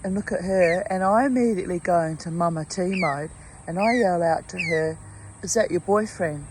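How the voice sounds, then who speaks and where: A woman's voice: lowish voice, a little fast, background noise. A middle-aged woman telling a story casually and with animation, cursing freely and restarting her sentences. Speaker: vlogger.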